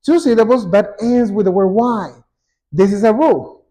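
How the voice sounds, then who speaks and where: A man teaching an English grammar lesson, saying example words twice, slowly and clearly. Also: high voice, warm tone. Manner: slow and repetitive, drawing out example words.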